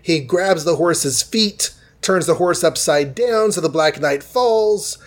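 A man casually retelling a comic book plot, tossing in quick voices for the characters. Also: a little high. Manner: loose, chatty retelling with quick dialogue voices. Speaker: podcast host.

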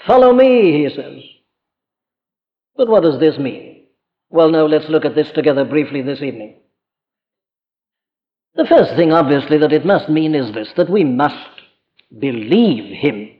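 A man's voice: a little high, animated, unhurried, long pauses. A man preaching an earnest, emphatic sermon full of rhetorical questions, with an old lo-fi recording. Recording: dull lo-fi archive recording in a reverberant hall.

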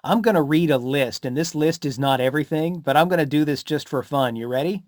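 A man's voice: fairly high pitch, brisk, no echo. Informative man explaining with a dry sound. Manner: informative, explains history, introduces songs. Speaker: co-host. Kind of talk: casual chat.

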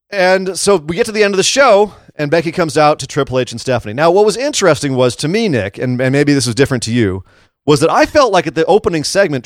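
A man's voice: a little high, no echo, studio quality. A man co-hosting a podcast, chatting casually and animatedly about wrestling and acting out lines in voices. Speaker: podcast co-host.

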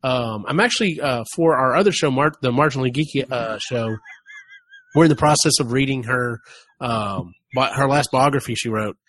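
A man's voice: medium pitch, normal speed, a bit bright, a little hiss or hum. A man hosting a casual podcast chat, rambling with restarts and swearing now and then. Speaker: podcast host.

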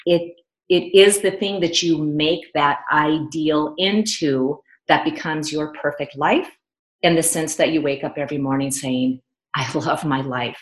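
Slow, low-voiced woman host. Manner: measured, affirming, unhurried. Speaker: podcast host. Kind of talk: slow, reflective interview talk. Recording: echoey room.

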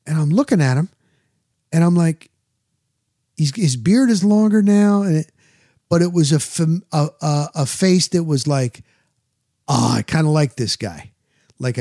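A man's voice: on the high side, no echo, clean studio sound. A male radio host telling a casual bar story, acting out the quoted voices of the people in it. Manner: animated, acts out quoted voices.

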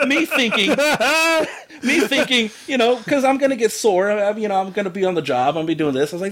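A man's voice: high-pitched, normal speed, pauses often. A man telling a funny personal story in casual chat, acting out the lines of others and laughing as he goes. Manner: animated, breaks into laughter, acts out quotes.

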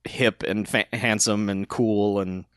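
A man's voice: fairly low pitch, steady tone, takes it slowly, a bit bright, dry recording. Laughing, sarcastic man, dry close sound. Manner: blunt and sarcastic, laughs often, swears freely. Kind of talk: casual movie review chat.

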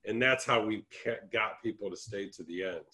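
A man hosting a casual interview over a video call, explaining things in a relaxed way. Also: on the low side, moderate pace. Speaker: host.

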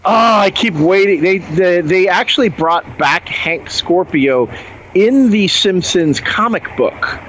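A man's voice: sits high, lively intonation, takes it slowly, fairly bright tone, slight background noise, rough recording. A man in casual chat about TV, wry and rambling, with some fillers.

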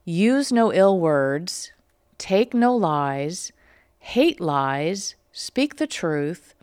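A woman co-hosts a talk show, with a lower pitch than most women and a smooth, resonant voice. She reads slowly and with emphasis. The sound is dry and close. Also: sing-song, darkish tone, no room sound. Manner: slow, emphatic reading of a list. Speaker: co-host. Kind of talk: studio talk show discussion.

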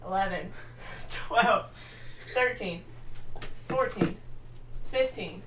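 Woman, Texan accent, young adult, winded, giggly, slow, distant, echoey room. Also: mid-range voice, a bit bright. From Texas. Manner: giggly, self-mocking. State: out of breath. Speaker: guest racer.

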